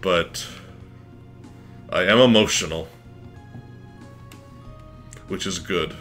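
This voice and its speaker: A man streaming a game live, chatting excitably and swearing when worked up. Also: deep voice, very slow. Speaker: let's play streamer. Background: faint game music.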